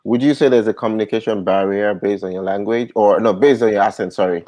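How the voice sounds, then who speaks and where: A man's voice: fairly low pitch, steady tone, quick pace, mellow. A man in a casual group discussion who laughs often and restarts his sentences when he hesitates.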